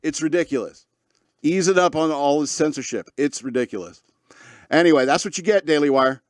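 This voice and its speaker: A man's voice: on the high side, lively intonation, fairly quick, no room sound, clean studio sound. Rambling opinionated male podcast host. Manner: rambling, opinionated, frequent restarts and chuckles. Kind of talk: casual opinion talk.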